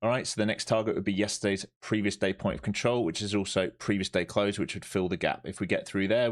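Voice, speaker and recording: Brash sweary trader on a live stream. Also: male voice, low-pitched. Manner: brash and sweary, taunting chat viewers; urgent cheering at the price chart. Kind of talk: live trading stream commentary.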